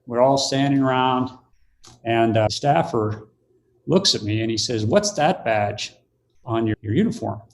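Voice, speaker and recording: Older man, retired officer type, animated storyteller, faint noise behind, mid pitch. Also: measured pace. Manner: animated storyteller, acts out quoted voices. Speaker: podcast guest. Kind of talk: storytelling in conversation.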